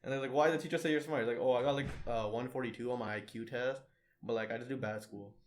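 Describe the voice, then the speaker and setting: A young man on a casual podcast retells a story in a loose, rambling way. He stumbles through fillers and restarts and slips into quoted lines for the characters. His voice sits at an ordinary middle pitch. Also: steady tone, racing. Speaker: podcast co-host. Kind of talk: casual chat, retelling an anime plot.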